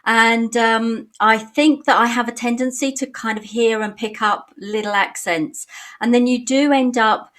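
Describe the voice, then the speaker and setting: A woman's voice: on the high side, steady tone, measured pace, a bit bright. A middle-aged woman from Britain whose English accent carries a slight Australian twang. She chats easily as an interview guest over a video call and laughs often. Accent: British English with a slight Australian twang. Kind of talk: casual interview chat.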